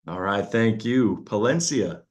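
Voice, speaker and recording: A man's voice: on the low side, lively intonation, unhurried. A man with a New York accent leading an online school meeting, calling on each speaker in turn and correcting himself. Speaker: meeting facilitator. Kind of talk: virtual meeting.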